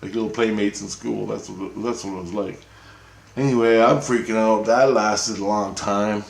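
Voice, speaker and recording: A man's voice: on the low side, fairly even intonation, moderate pace, gravelly. A man telling a long, rambling story in casual, profane speech, often checking in with "right?". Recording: roomy echo.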